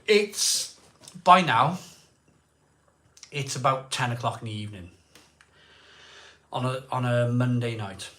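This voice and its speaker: A man's voice: mid-range voice, animated, slow pace, long pauses, bright, forceful tone. A man hosting a live beer stream, telling a rambling story in a chatty way, repeating himself and acting out what people said.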